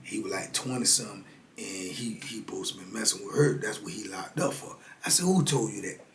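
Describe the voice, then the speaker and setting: A man's voice: fairly low pitch, a little fast, slight background noise. Older american guy telling a story casually, acts out the back-and-forth, lots of slang. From United States. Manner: animated, acts out dialogue with street slang. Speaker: storyteller sharing prison experiences.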